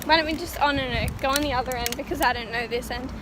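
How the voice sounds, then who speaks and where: A young woman vlogs while walking city streets, telling a story in a rambling, giggly way. Her voice sits high. Traffic and street noise stay loud behind her. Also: quick pace. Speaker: vlogger. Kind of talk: casual vlog chat. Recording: noisy street recording.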